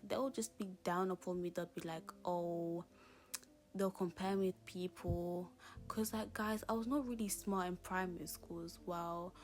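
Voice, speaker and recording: This time her voice is fairly low and a bit bright as the young Zimbabwean woman does her makeup at home. Speaking openly to her viewers, whom she calls "guys," she recounts personal stories casually, with plenty of "like"s.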